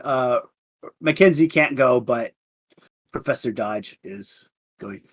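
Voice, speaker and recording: A man's voice: medium pitch, takes it slowly, slightly rough. A man narrating as game master of a tabletop game, rambling with many fillers.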